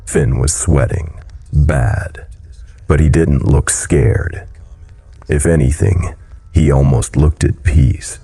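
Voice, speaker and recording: A man narrating a horror story in a low, brooding delivery. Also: takes it slowly, gravelly, pauses often, warm tone, slightly rough.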